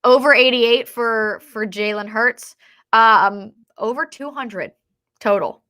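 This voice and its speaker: Female podcast co-host, forceful bright tone, slightly high, excitable casual sports banter. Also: takes it slowly. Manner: excitable, trails off and restarts.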